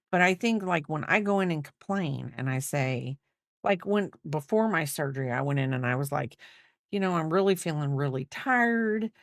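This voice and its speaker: A woman's voice: low-pitched, no room sound, studio quality. A woman in her fifties chatting casually while crocheting on a livestream, rambling and thinking aloud with lots of fillers. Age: 50s.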